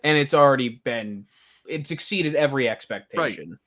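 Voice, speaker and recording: A man's voice: medium pitch, lively intonation, normal speed, fairly bright tone. A man presenting an award on a casual fan show, enthusiastic and playful. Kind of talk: casual chat.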